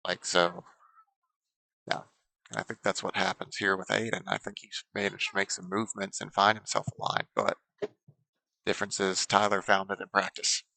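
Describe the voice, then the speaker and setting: A man's voice: sits low, flat delivery, moderate pace, gravelly, bright, forceful tone, no echo, rough recording. A man commentating a bowling tournament livestream, explaining standings and scores steadily, with frequent ums. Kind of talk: play-by-play sports commentary.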